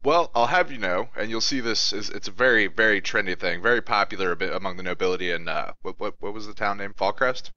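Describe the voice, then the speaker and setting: A brash, sarcastic male adventurer, played by a man in a lowish, bright, tense voice. He delivers cheeky lines. The recording is dull and lo-fi. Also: quick pace, few pauses, dry recording.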